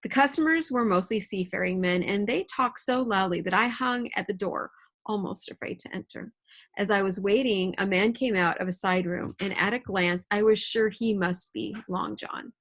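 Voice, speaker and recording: Woman teacher reading a novel aloud to her class from home; medium pitch, steady and clear. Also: normal speed. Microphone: computer mic.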